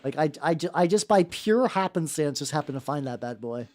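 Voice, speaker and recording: A woman streaming a video game playthrough, talking excitedly, swearing freely, and rambling in asides. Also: sits low, fairly quick. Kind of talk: live gameplay commentary.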